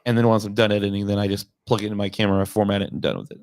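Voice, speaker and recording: A man's voice: lowish voice, level tone, racing, darkish tone. A man chatting casually as a guest on a live stream, in an easygoing, laid-back way. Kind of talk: casual chat. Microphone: streaming mic.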